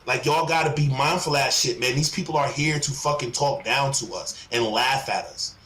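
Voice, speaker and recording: A man's voice: mid-range voice, normal speed, fairly bright tone. Emphatic man in an echoey room. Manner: emphatic, profane and lecturing. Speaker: panel guest. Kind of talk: heated panel talk. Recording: roomy echo, faint background noise.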